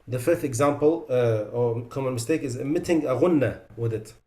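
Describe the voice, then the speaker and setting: A man teaching a tajweed class on recitation mistakes. He recites each sound as an example, then drops his voice low to say what is wrong with it. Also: a little fast, mellow. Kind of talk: tajweed lesson.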